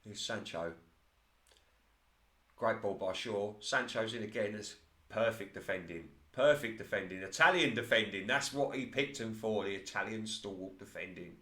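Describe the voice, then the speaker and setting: Commentating on his football management game play-by-play, a man with a fairly low voice speaks at a moderate pace in an echoey room. He gets worked up over near misses and laughs off his own mistakes in a casual way.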